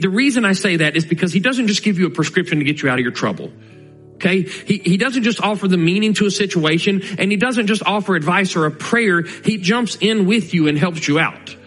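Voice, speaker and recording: Earnest male preacher, soft music behind. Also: a little high, slightly rough, poor audio. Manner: earnest preaching, slowing to stress key lines. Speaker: pastor. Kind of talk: sermon.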